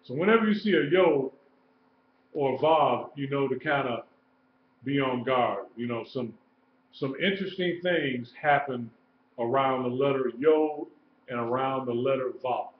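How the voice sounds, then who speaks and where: A man teaching a live-streamed lesson, explaining slowly and repeating key points. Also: medium pitch, slight background noise. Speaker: Hebrew teacher. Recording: echoey room, dull lo-fi sound.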